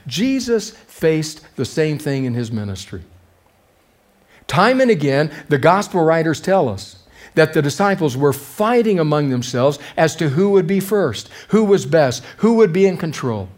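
Male pastor, fairly high voice, sermon delivery, dramatizes quotes, repeats key words. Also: sing-song, measured pace. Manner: acts out quoted voices with shifts in pitch and loudness.

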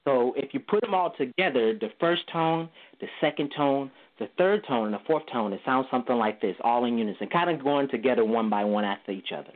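A man's voice: medium pitch, expressive, fairly quick, hardly any pauses. Man explaining tones over a phone line. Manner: demonstrates Mandarin tones by singing vowels; laughs easily, enthusiastic. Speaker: guest language teacher. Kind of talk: casual interview explanation.

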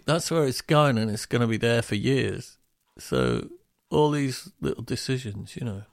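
Male co-host, gravelly, dry close sound, rambling storyteller. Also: medium pitch, very animated, normal speed, no echo. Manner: rambling, acts out builders' questions in raised voices. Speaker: podcast co-host. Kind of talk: casual chat.

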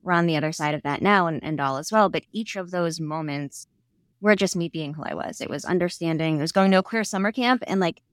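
A woman's voice: fairly low pitch, a little fast, no echo, clean studio sound. A nonbinary podcast guest with a female-sounding voice, young adult, speaking thoughtfully and unhurriedly with frequent "like" fillers. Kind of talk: reflective interview conversation.

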